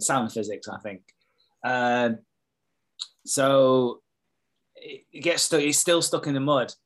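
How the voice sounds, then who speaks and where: A man's voice: medium pitch, fairly bright tone. A man in casual podcast chat, swearing freely while he retells scenes and slips into quoted lines. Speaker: podcast co-host. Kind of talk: casual chat recapping a show.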